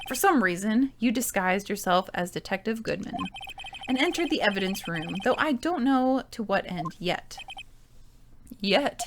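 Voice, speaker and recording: A woman's voice: mid-range voice, animated, moderate pace, noisy background, lightly acted. An Australian woman voicing a confident young male defense lawyer, reading courtroom lines with emphasis. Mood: accusing.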